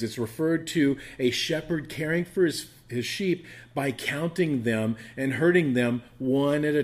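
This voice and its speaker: A man of middling pitch teaching scripture to a group. He reads verses aloud and then explains them in a plain, earnest, conversational way. He often restarts his phrases and builds his emphasis as he goes. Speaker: pastor teaching a Bible study. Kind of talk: expository Bible teaching.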